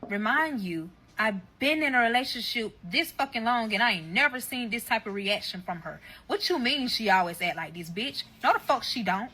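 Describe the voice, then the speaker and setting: A woman with a husky, bright voice sitting slightly high for a woman, telling her viewers a story time in a heated, profanity-laden rush. She speaks straight to the audience, casual and fired up. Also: lively intonation, moderate pace, hardly any pauses.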